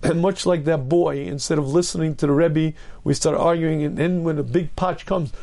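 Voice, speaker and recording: A man, a rabbi, giving an earnest Torah lecture, stressing points by repetition and clearing his throat often. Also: fairly high pitch, fairly even intonation, moderate pace, hardly any pauses, warm tone. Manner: earnest, emphatic, repeats key phrases.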